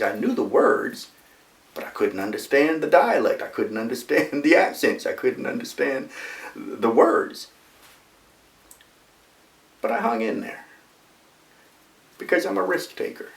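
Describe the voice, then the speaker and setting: A man in his sixties gives a personal storytelling speech as a motivational speaker, animated and emphatic, with repeated phrases for effect. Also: mid-range voice, creaky. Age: 60s. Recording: roomy echo, mic far off.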